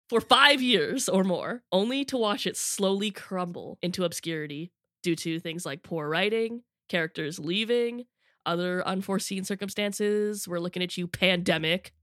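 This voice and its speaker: A young woman hosting a podcast while fighting off a cold, her voice bright and sharp. She talks in a chatty, playful way and breaks into laughter often. The sound is dry and close, with no room to it. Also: fairly low pitch, normal speed, no echo. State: has a cold, losing her voice. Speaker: podcast co-host. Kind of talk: casual podcast chat.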